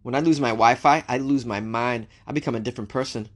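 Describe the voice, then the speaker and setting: A man's voice: mid-range voice, fast talker. Wry joking man hosting news. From United States. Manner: wry, joking, talks back to the news he reads. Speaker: news show host. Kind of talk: casual news commentary.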